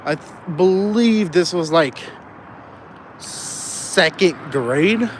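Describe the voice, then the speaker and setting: A man's voice: sits high, expressive, extremely slow. A young man from Southern California telling a rambling, profane story with frequent laughs while walking outdoors. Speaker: vlogger. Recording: faint street noise.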